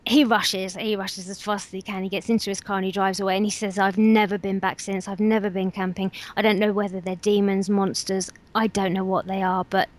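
A woman's voice: mid-range voice, level tone, a little fast, few pauses. A woman on a radio show, earnestly retelling someone else's frightening account, with fillers and restarts. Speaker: guest storyteller.

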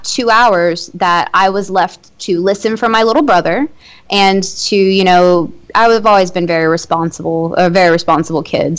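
An adult woman telling a personal ghost story as an interview guest, chatty, with many fillers and small nervous laughs. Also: medium pitch.

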